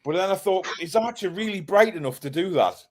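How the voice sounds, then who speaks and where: Rambling, animated man on a call. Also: sits high, brisk, slight background noise. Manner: rambling, animated storytelling with repeated starts. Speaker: guest on live stream. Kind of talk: casual chat.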